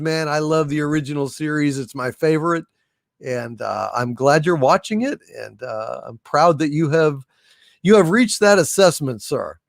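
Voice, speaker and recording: A man hosting a livestream, reading out viewer messages in a halting, sincere way with many pauses and repeats. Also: fairly high pitch, no echo, studio quality. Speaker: livestream host reading super chats. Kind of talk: casual livestream chat.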